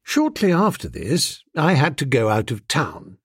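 A man narrating a comic story in an animated, playful way. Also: medium pitch, a little slow, slightly rough, dry recording, studio quality. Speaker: audiobook narrator. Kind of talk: scripted narration.

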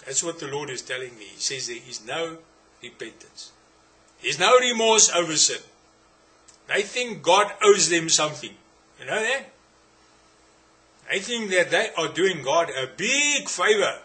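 Forceful South African preacher, higher voice. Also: male voice, sing-song, a little slow, long pauses. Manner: emphatic, repetitive, rhetorical questions. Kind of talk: sermon.

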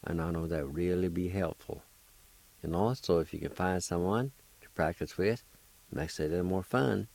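A man hosting a radio language lesson, spelling out words and repeating each syllable deliberately. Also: deep voice, vocal fry, a little mellow. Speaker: language teacher and radio host.

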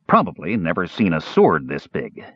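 A man doing a gruff, boastful warrior. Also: low voice, huge pitch swings, moderate pace, a bit bright, no echo, dull audio, pitched below the performer's own voice, full character voice. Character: big brash young male warrior, boastful.

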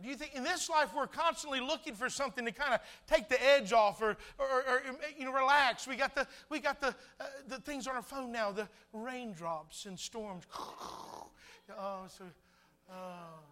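A man's voice: very high-pitched, normal speed, sharp tone. A middle-aged man preaching a sermon as pastor, chatty and stammering through restarts, slipping into little acted asides.

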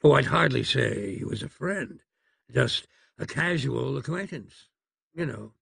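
A man's voice: medium pitch, expressive, measured pace, creaky, a bit bright, breathy edge, no room sound, studio quality, heavily acted. A man voicing a fussy, courteous elderly doctor in a storybook reading. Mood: prim. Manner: prim, courteous, flustered.

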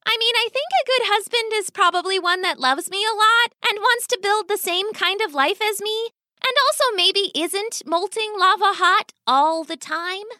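A woman voicing a patient, lovestruck young female rat in a storybook tale, with a squeaky voice and a wry manner. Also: normal speed, bright, forceful tone, no echo, studio quality.

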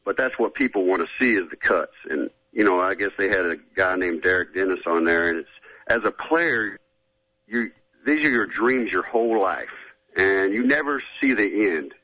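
Low-pitched and animated at a moderate pace, the voice belongs to a middle-aged former football player guesting on a casual radio show. He drawls and says "man" frequently; the recording is dry, with dull lo-fi radio quality.

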